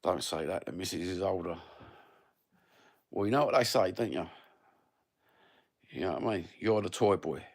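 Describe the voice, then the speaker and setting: Deep-voiced sweary bloke in his fifties. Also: animated, normal speed, long pauses. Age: 50s. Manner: sweary, blokey banter with lots of fillers. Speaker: livestreamer reading viewer comments. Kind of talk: casual rambling chat.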